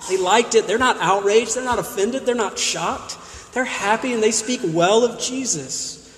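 A man with a high-pitched voice preaches a sermon in a church sanctuary, driving his points home with one rhetorical question after another. His voice rings through a roomy space with a long, lingering reverb. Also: moderate pace, slight background noise. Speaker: pastor. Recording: echoey hall with long reverb.

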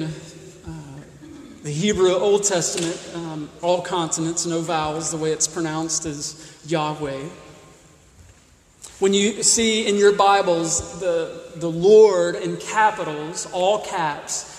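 A pastor delivers a sermon in a high, fairly even voice at a slow pace, with a faint hiss or hum underneath. He is emphatic, often repeating and restarting words to drive his points home. The recording sounds like a roomy hall with long reverb.

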